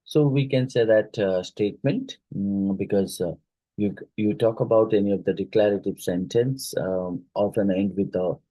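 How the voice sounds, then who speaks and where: A man's voice: fairly low pitch, normal speed, dark tone, no echo, lo-fi sound. A man with an Indian English accent teaching an exam-prep lesson, reading out questions and explaining them with many hesitations and fillers.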